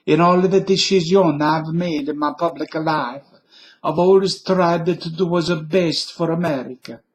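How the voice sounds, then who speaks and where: Man doing a put-on Italian accent, mock politician, formal speech, slow delivery, slightly raised pitch. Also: lightly acted. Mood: solemn.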